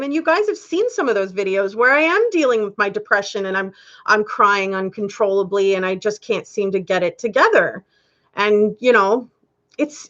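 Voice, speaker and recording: A woman's voice: mid-range voice, a bit bright, lo-fi sound. A woman hosting a casual live stream, chatting candidly with viewers and laughing often.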